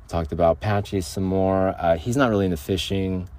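An older man hosts his own podcast from a makeshift vocal booth, his low, dark voice steady in tone and fairly quick. His casual monologue rambles loosely from topic to topic, and he chuckles often.

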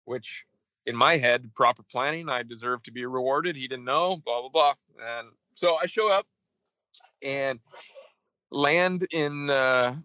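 A man's voice: medium pitch, smooth, no room sound, poor audio. A man from Idaho, a golf caddie, telling a story in a casual interview and acting out what people said to him. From Idaho, USA. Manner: animated storyteller acting out his own texts.

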